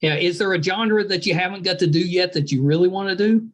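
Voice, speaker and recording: A man's voice: high-pitched, brisk. A man from West Virginia with a thick West Virginia accent, hosting a podcast and chatting casually with his guest. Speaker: podcast host. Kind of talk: casual interview chat.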